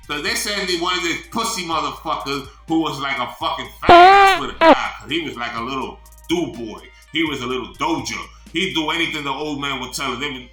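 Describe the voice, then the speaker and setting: A man telling a long story in casual, animated speech, swearing freely and repeating "man". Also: mid-range voice, echoey room, poor audio.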